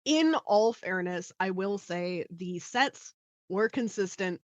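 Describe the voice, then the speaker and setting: A woman's voice: mid-range voice, expressive, takes it slowly, dry recording, highs cut off. A woman co-hosting a horror movie podcast in casual chat, laughing between points. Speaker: podcast co-host.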